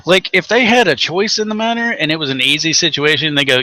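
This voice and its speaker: A man's voice: a little high, expressive, normal speed, bright, forceful tone, dry recording. Cussing Tennessee man ranting angrily. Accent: Southern US, Tennessee. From Tennessee, USA. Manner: angry, sarcastic, heavy swearing, mocking voices. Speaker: co-host of a rant show. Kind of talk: profane ranting commentary.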